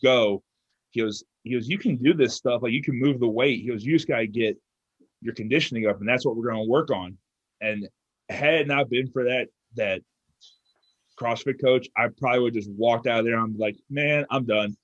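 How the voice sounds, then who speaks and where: A young man in his twenties tells a story in relaxed conversation, animatedly acting out the voices of the people in it. His mid-pitched voice comes across a little dull and dry. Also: a little fast, dry recording. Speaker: fitness coach co-host. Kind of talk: casual chat.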